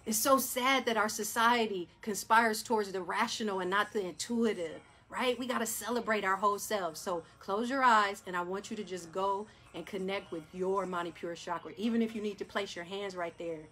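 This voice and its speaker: A woman hosting a chakra meditation session who talks in a chatty, excitable way and keeps turning to her listeners with questions. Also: mid-range voice. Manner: chatty, addresses listeners as y'all, repeats "right?"; gets hyped, then slows and softens for breathing. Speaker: wellness host leading a chakra meditation. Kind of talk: animated guided meditation talk.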